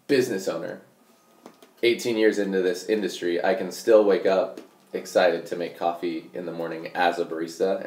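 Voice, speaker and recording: A man's voice: low-pitched, darkish tone. A man chatting casually as a guest on a podcast, laid-back and jokey, often trailing off mid-sentence. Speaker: podcast guest, coffee business owner. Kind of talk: casual chat. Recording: echoey room.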